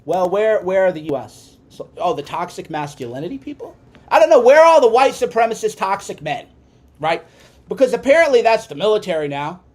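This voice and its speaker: A man hosting a podcast, giving an impassioned ranting monologue that swings from quiet musing to shouting. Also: high voice, very animated, fairly quick. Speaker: podcast host.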